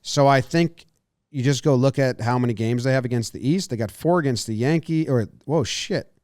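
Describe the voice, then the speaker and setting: Brief: man, mid-pitch sports podcast co-host, brisk and joking, dry close sound. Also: a little mellow, dry recording. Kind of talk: casual sports chat.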